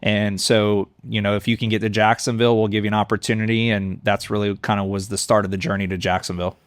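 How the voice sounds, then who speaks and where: Interviewed for a podcast on location at a coffee shop, a man in his thirties running for mayor recounts his life conversationally, candid, earnest and ready to laugh. He speaks in a smooth, flat, lowish voice, with no room sound.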